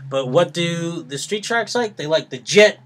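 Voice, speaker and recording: Rambling young man, slightly high voice. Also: lively intonation, a bit bright. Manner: rambling, many fillers and pauses. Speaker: podcast co-host. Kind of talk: casual chat.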